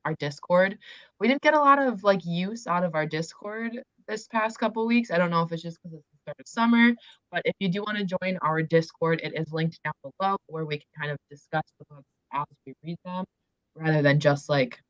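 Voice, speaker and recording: A young woman hosting a casual livestream book discussion, slightly croaky as she loses her voice, chatty and full of fillers. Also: low-pitched, fairly bright tone, dry recording, lo-fi sound. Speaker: booktube host.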